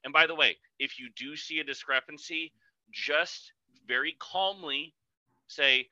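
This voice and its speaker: A man's voice: a little high, takes it slowly, pushed and bright, dry recording, dull audio. A man co-hosting a casual podcast, talking bluntly and emphatically with some profanity. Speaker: podcast co-host, powerlifting coach.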